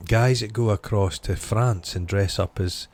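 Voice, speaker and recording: A man with a fairly low voice trades blunt, wisecracking remarks. He swears freely, and his talk is loose and casual. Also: unhurried, darkish tone. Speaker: podcast co-host. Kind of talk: casual chat.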